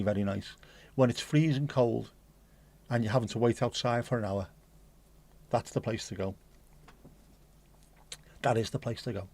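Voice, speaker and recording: A man's voice: mid-range voice, darkish tone. A man with a mid-range voice hosts a casual livestream. He chats loosely with his viewers, reads their messages out and answers them, and drops the odd swear word. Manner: chatty, swears casually, answers chat aloud. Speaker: livestream host reading chat. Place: home streaming setup.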